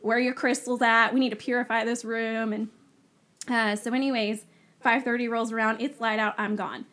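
A woman, a guest on the show, telling her personal story in a casual, animated way, acting out the dialogue she quotes. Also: a little high, moderate pace. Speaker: guest sharing her testimony.

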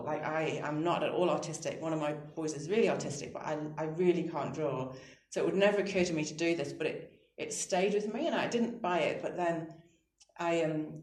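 Interview guest: a woman in her thirties with a low voice, telling reflective personal stories, quick to laugh at herself, recorded in a roomy, echoey space. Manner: thoughtful, soft-spoken, laughs readily at her own stories. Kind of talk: reflective personal storytelling on faith.

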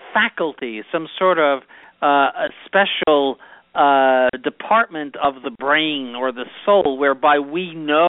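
Bishop with a tinny, dry sound. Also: male voice, fairly high pitch, no echo. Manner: measured, explanatory, doctrinal. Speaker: bishop and co-host. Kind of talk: conversational religious commentary.

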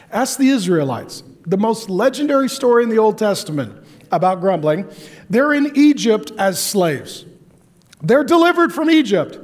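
A man preaching a sermon in a lively, joking way, acting out complaining voices. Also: high voice. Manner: animated, jokey, acts out complaining voices. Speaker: pastor.

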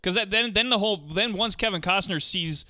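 Fast, bright-voiced man chatting about movies. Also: high voice, no room sound. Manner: fast, animated retelling with acted-out quotes. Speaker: podcast co-host. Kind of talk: casual film discussion.

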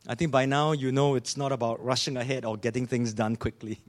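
A man preaching a sermon, earnest, asking rhetorical questions and often dropping low and soft. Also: steady tone, a little fast, hardly any pauses. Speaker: pastor.

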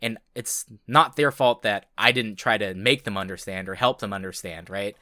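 A man's voice: on the low side, moderate pace, sharp tone, dry recording, studio quality. A man co-hosting a podcast, chatting casually and earnestly, with many fillers. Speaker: podcast co-host. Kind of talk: casual chat.

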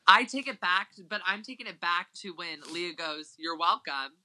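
A podcast co-host in casual chat, recapping scenes emphatically and excitably. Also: mid-range voice, moderate pace, poor audio.

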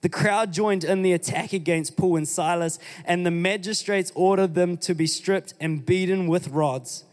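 A man's voice: high voice, normal speed, few pauses. A man preaching a sermon, reading scripture and urging his congregation on with emphatic exhortations. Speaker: pastor. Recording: long hall reverb.

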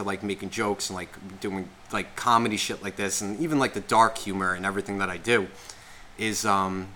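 A man in his thirties, a podcast co-host, telling a long rambling story in casual chat, swearing a lot and filling every pause with "like.". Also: on the low side, bright, forceful tone, a little hiss or hum. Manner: rambling, heavy profanity, constant "like" fillers.

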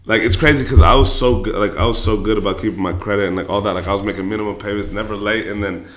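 A man's voice: lowish voice, steady tone, very fast, background noise. A man in his late twenties, a podcast guest, candidly telling a story in casual talk, full of swearing and fillers. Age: late 20s. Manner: candid, profane, with lots of fillers.

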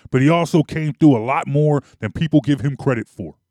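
A man's voice: on the high side, fairly quick, dark tone, no room sound, studio quality. Emphatic man ranting about sports. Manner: emphatic, repetitive, argumentative. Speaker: sports commentator. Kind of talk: opinionated sports monologue.

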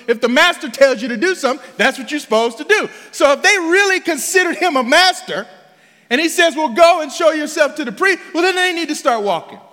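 High, lively male pastor in a reverberant hall. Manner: casual, asks the congregation rhetorical questions; slangy, drops in "bruh" and "right?". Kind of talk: conversational sermon.

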